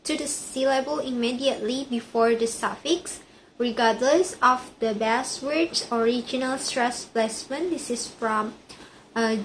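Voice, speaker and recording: A woman's voice: fairly high pitch, a little hiss or hum, rough recording. A woman reading out a class presentation, carefully repeating words to get their pronunciation right. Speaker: student presenting a project.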